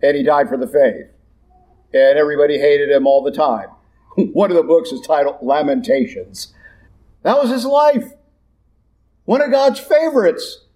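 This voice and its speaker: Guy preaching a sermon, slightly high pitched, punchy and blunt, lively. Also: moderate pace, long pauses. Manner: blunt, emphatic, lively delivery.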